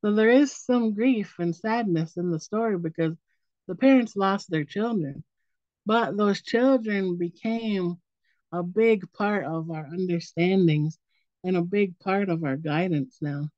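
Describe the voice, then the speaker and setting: A woman's voice: lowish voice, a little slow, no echo, lo-fi sound. A woman in her forties giving a casual online presentation, telling stories loosely with lots of fillers. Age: 40s. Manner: relaxed storytelling with fillers like "um" and "like".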